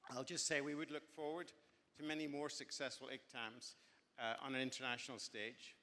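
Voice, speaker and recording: A man's voice: mid-range voice, flat delivery, moderate pace, bright, forceful tone. A man giving a genial, rambling after-dinner speech at a banquet, often correcting himself as he goes. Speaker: speaker. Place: banquet hall. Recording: long hall reverb.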